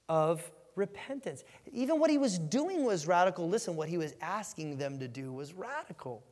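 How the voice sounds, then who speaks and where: A man preaching a sermon as a pastor, animated and emphatic, often repeating words as he builds a point. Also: high-pitched, in a large hall.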